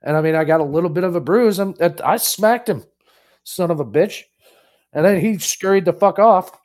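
A man's voice: high-pitched, moderate pace, a little mellow. Crude, laughing man on a podcast. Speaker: podcast co-host. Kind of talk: casual podcast chat.

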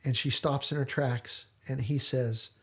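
A man's voice: mid-range voice, fairly even intonation, unhurried, a bit bright. A man hosting a casual discussion podcast, retelling scenes in detailed storytelling fashion. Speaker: podcast host.

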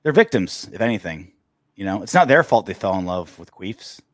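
A man co-hosting a casual sports podcast, ranting in an animated, crude way. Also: fairly low pitch, normal speed, no room sound, studio quality. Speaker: podcast co-host.

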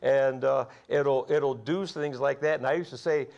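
A man's voice: medium pitch, fairly even intonation, moderate pace, gravelly, a little mellow, muffled recording. A man over forty preaching a sermon, telling folksy personal stories and laughing at his own tales. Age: 40s or older.

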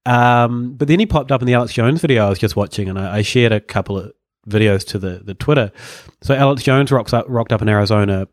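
Dry-sounding podcast host, rambling. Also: male voice, mid-range voice, quick pace, no echo. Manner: rambling storyteller, chuckling often. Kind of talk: casual comedic chat.

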